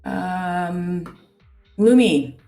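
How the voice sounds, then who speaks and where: Low-pitched woman, chatty stream host, reads out comments, faint music behind. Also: extremely slow, mellow. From Canada. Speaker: trading show host. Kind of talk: casual live-stream chat.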